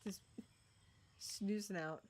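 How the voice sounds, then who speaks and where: A woman's voice: mid-range voice, fairly even intonation, slow pace. A woman streaming a video game, chatting casually with viewers as she thinks aloud and adds playful little sound noises. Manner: coos affectionately at game creatures. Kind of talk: casual live-stream commentary.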